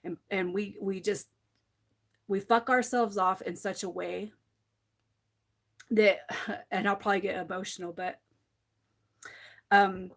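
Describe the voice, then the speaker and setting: Woman, tarot reader on a livestream, teary, candid, swears, lots of restarts, mid pitch. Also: steady tone, slow pace, long pauses. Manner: candid, swears freely, many restarts and fillers. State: teary, close to crying. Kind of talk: emotional live tarot reading.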